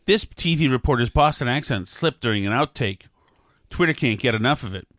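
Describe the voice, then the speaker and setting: A man's voice: mid-range voice, lively intonation, fairly quick, fairly bright tone, no echo, studio quality. A man hosting a casual talk show, grumbling and sardonic, with mock outrage. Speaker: radio show host.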